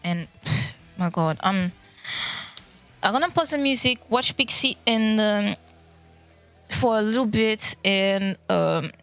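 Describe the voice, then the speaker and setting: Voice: mid-range voice, takes it slowly, pauses often, fairly bright tone, clean tone, lo-fi sound, soft background music. A streamer talking casually on a live stream, stammering and repeating words, the voice cracking with emotion. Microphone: laptop microphone.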